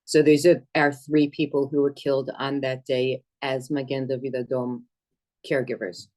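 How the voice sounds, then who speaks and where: A woman's voice: a bass voice, moderate pace. Earnest woman telling a personal account. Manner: earnest, steady storytelling with hesitations. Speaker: emergency medic and dispatcher giving testimony.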